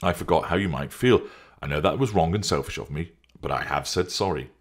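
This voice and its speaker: A man's voice: deep voice, a little fast. A man voicing an anxious, pleading lover. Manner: pleading, defensive. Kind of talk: audiobook character reading.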